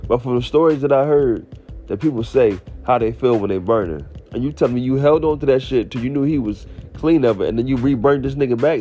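A podcast host telling a comedic story, ranting in a profane, incredulous way. His voice is mellow, and his pitch leaps all over the place. The audio is slightly muffled, with faint music behind him. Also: expressive, a little fast.

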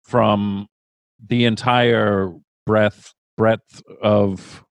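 A man's voice: fairly low pitch, level tone, very slow, no echo. A man in his forties, a guest in a casual conversation, talking reflectively and openly with casual swearing. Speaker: podcast guest.

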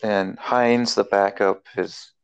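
Slow, gravelly-voiced man. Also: lowish voice, steady tone, rough recording. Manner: slow, hesitant, many fillers and restarts. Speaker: co-host making football picks. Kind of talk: casual sports chat.

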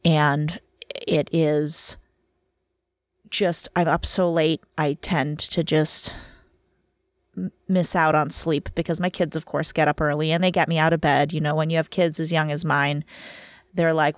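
Chatty, low-voiced woman podcaster. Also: little pitch movement, unhurried, long pauses, dry recording, clean studio sound. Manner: self-deprecating, chatty, rambling. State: tired from lack of sleep. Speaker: podcast host. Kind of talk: casual solo podcast monologue.

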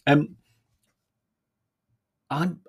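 A man hosting a casual solo podcast, thinking aloud in a reflective way and often adding tag questions. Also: extremely slow. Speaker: podcast host.

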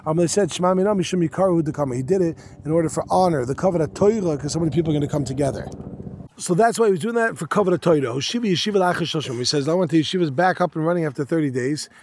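A man leads a Talmud class, reading Aramaic phrases in rapid bursts before unpacking them in relaxed, conversational English peppered with rhetorical questions. His voice sits fairly high with a darkish tone, and there's a faint hiss or hum.

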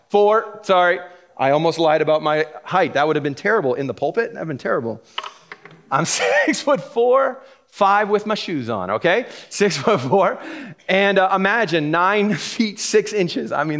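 A middle-aged pastor preaches from the pulpit of a church sanctuary in a casual, joking way, laughing between his points. His voice is fairly high and fairly bright.

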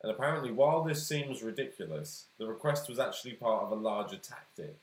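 An English man co-hosting a casual chat, swearing freely and laughing often in lively banter. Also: mid-range voice, a little fast. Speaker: podcast co-host. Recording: roomy echo.

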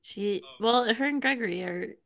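A woman's voice: on the high side, moderate pace, creaky. A woman co-hosting a podcast, chatting casually and affirming her co-host while recapping a TV episode. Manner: relaxed, affirming with frequent "mm-hmm" and "yeah".

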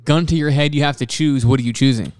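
A man's voice: medium pitch, fast talker, darkish tone, no echo, studio quality. A man co-hosting a podcast in casual chat, teasing and laughing often. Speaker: podcast co-host.

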